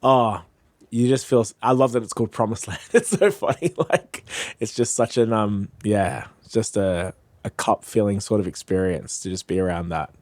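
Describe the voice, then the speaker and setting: A man who is a freestyle MC, chatting as a podcast guest, telling lively stories with frequent laughs and acted-out quotes. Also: on the low side, normal speed, dry recording. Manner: lively, laughs often, acts out quoted voices. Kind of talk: casual storytelling chat.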